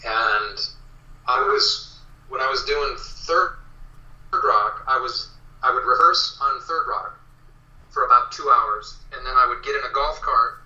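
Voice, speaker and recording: A middle-aged man tells lively stories as an interview guest, slipping into the voices of the people he met. His tone is very bright and forceful. He sounds distant and roomy, with muffled lo-fi sound. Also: mid-range voice. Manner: animated anecdotes with quoted voices. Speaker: guest actor. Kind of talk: casual interview storytelling.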